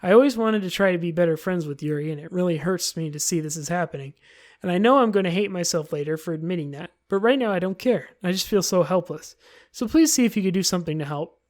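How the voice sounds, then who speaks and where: A woman's voice: lowish voice, fast, darkish tone, lightly acted. Bratty, snappy teen girl read by a woman for a game read-through. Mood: worried. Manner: snappy, defensive. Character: small bratty teenage girl, Natsuki.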